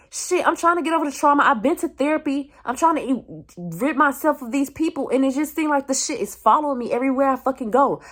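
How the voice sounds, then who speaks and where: A young woman, venting in a candid vlog and speaking bluntly with heavy swearing and slang into a phone camera. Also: high-pitched. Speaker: vlogger.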